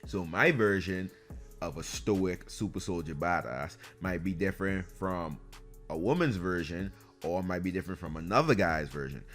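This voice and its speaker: A man's voice: low voice, normal speed, fairly bright tone, soft background music. A man giving an exasperated, sarcastic ranting review of a video game series.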